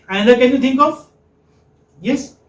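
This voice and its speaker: High-voiced lecturer, echoey room. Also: male voice, a bit bright. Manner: asks the class questions and praises answers, repeats points. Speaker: English teaching lecturer. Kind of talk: classroom lecture. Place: classroom. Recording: echoey classroom.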